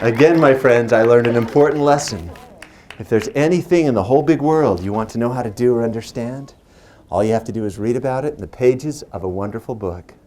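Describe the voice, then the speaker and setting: A man's voice: mid-range voice, a little fast, warm tone, a little hiss or hum. A man in his forties performing as a magician. He uses a stage microphone and mixes playful stories with teasing banter with his audience. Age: 40s. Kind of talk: live stage patter with storytelling.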